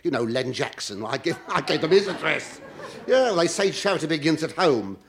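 A man's voice: fairly high pitch, big pitch swings, moderate pace. A man doing a camp, theatrical, mock-indignant stand-up comedy monologue on a TV studio stage. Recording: noisy old broadcast recording.

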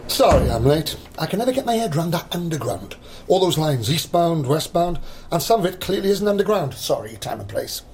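A man's voice: a little high, sing-song, brisk, darkish tone, slight background noise. A man with a Welsh accent playing a chatty, tactless police officer in a radio comedy drama, breezy in manner. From Wales.

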